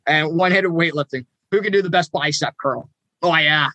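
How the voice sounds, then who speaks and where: A young Canadian man co-hosting a podcast, swearing freely and laughing as he rants. His voice sits a little high and sounds bright and sharp. The recording is dry and close. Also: a little fast, no room sound. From Ontario, Canada. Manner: profane, joking, laughs often. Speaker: podcast co-host. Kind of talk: casual chat.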